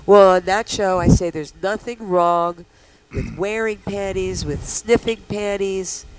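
A woman's voice: medium pitch, steady tone, a little slow, a little hiss or hum, rough recording. A woman hosting a talk show, talking in a playful, bawdy, teasing way with callers. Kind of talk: casual radio show chat.

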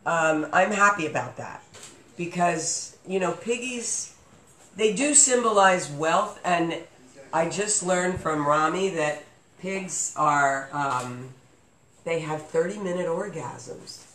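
A man's voice: fairly high pitch, slow pace, pushed and bright. A man hosting a casual podcast chat, rambling with lots of fillers and restarts. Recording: echoey room with faint noise.

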